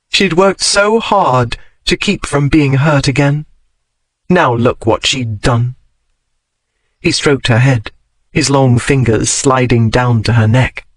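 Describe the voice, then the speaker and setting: A man's voice: medium pitch, dry recording, poor audio. Man narrating a romance audiobook.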